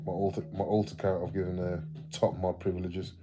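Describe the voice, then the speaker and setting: A man from the English Midlands hosts a late-night livestream in a deep, low voice. He rambles casually, swears a lot and answers chat comments as they come in. Faint music plays underneath. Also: little pitch movement, a little fast. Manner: chatty and rambling, sweary, laughs often, reads out viewer comments. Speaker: livestream host.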